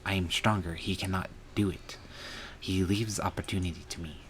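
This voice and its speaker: Terse leopard spirit from a game, low-pitched, clipped broken phrasing, read by a man. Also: steady tone, normal speed, a little hiss or hum, lightly acted. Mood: blunt. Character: taciturn male clouded leopard spirit, terse broken speech.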